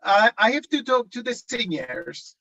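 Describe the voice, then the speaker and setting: A man's voice: high-pitched, big pitch swings, unhurried, vocal fry, bright, forceful tone, lo-fi sound, exaggerated voice. A man reading a flustered, eager young composer in a table read, stumbling with hesitant fillers. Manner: hesitant, full of "uh"s.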